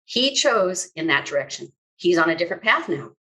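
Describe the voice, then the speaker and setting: A woman quoting a kind, upbeat older male mentor in a warm, coaxing, reassuring way. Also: lowish voice, very animated, fairly quick, poor audio. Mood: gentle, soothing.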